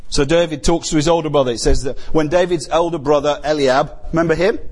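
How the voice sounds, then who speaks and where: A man preaching a sermon, his voice sitting a little higher than most men's. He talks to the congregation as if chatting, often tagging on questions like "isn't it?" to draw them in. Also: steady tone, fast, darkish tone. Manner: conversational, rhetorical questions to the congregation.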